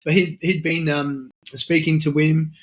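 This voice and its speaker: An Australian man with a slightly high-pitched voice tells his story as a podcast guest. He talks casually and animatedly, stops and restarts his sentences, and acts out the voices of the people in his story. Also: a little slow. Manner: animated, acts out quoted dialogue, frequent restarts. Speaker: podcast guest, military veteran and charity founder.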